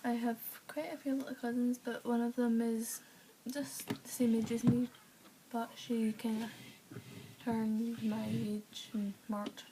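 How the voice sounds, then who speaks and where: Chatty woman vlogger, fairly high voice. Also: little pitch movement, unhurried, noisy background. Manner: chatty, rambling with many fillers and acted-out quotes. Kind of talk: casual storytelling vlog.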